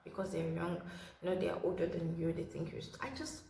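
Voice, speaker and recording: A woman's voice: fairly low pitch, flat delivery, quick pace, gravelly, mellow. A woman vlogging in a casual, rambling way, telling a personal story and quoting what she and others said. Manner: rambling, recounts talks by quoting herself and others. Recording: roomy and distant from the mic.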